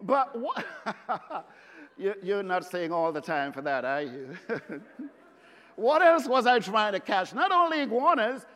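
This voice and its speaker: A man from Trinidad and Tobago, preaching a sermon with dramatic pauses and stretched words and joking with the congregation. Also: high-pitched, big pitch swings, a bit bright, big-room sound.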